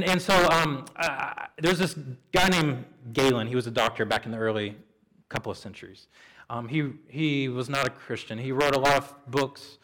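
A man's voice: medium pitch, a bit bright, low-quality recording. A man preaching an Easter sermon as pastor in a church, casual and chatty with lots of fillers and restarts. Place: church sanctuary.

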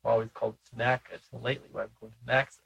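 A man's voice: mid-range voice, level tone, very fast, gravelly, slightly rough, rough recording. A man in casual conversation who asks a lot of curious questions and laughs easily.

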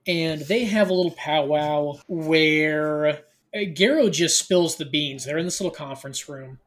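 A man's voice: fairly high pitch, measured pace, fairly bright tone. A man co-hosting a podcast, recapping a novel in loose, filler-heavy casual chat with wry teasing. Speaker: podcast co-host.

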